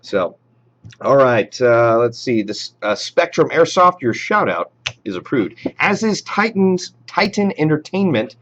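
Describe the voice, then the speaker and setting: A man hosting a live show, chatting casually and reading out viewer shout-outs. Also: medium pitch, sing-song, a little slow, highs cut off, slight background noise. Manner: reads viewer names and approves shout-outs, chatty with fillers. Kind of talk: casual live stream chat.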